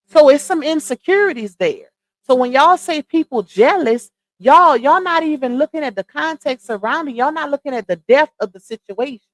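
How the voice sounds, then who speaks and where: A woman's voice: sits high, lively intonation, moderate pace, no room sound. A young woman hosting a casual livestream, speaking in in an outspoken, emphatic way and addressing her viewers directly. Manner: opinionated, emphatic, talks straight to viewers. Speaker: live stream host.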